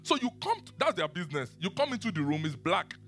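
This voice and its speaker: A man preaching a sermon and teaching the Bible, animated, asking his listeners questions and laughing often. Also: high-pitched, fast, faint music behind.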